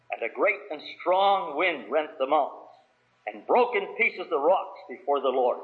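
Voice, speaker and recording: A man preaching a sermon, reading scripture in old biblical wording and building to raised, emphatic questions. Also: a little high. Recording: tinny phone-like old recording.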